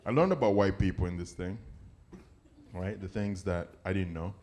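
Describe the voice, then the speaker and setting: A man from Africa performing stand-up comedy, animated and acting out the people he describes. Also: sits low, normal speed, a crowd in the background.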